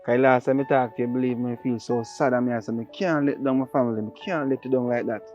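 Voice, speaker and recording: A man's voice: mid-range voice, steady tone, quick pace, a little mellow, dull audio, soft background music. A man with a Jamaican accent playing a younger brother who talks earnestly in patois about changing his ways. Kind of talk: Jamaican comedy-drama skit.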